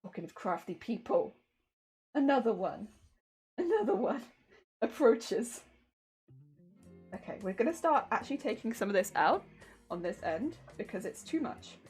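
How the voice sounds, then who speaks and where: A woman's voice: mid-range voice, sing-song, fairly quick, breathy edge, faint music behind. A woman streamer chatting casually while sewing, bubbly and rambling, laughing often.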